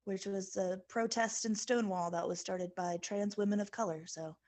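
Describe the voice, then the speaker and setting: A woman's voice: mid-range voice, fairly even intonation, normal speed, a little mellow. A woman co-hosting a podcast, chatting casually with jokes and swearing. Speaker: podcast co-host. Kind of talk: casual chat.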